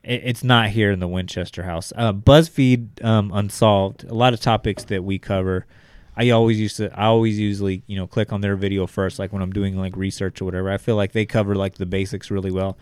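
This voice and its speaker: A man's voice: on the low side, fairly even intonation, brisk, smooth. A man co-hosting a podcast, talking in a laid-back, rambling way with plenty of swearing. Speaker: podcast co-host. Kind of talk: casual chat.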